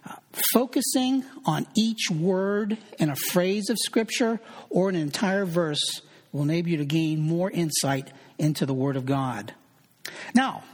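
A man preaching a sermon in an earnest, emphatic manner, slowing down to stress single words. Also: a little high, husky. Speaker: pastor. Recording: long hall reverb.

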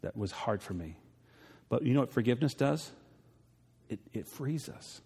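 A middle-aged male pastor preaching a sermon to his congregation, rising to emphatic peaks and then dropping low and quiet, acting out voices when he retells a story. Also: animated, moderate pace, vocal fry, breathy edge. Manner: acts out voices in retold stories. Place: church sanctuary. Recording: long hall reverb.

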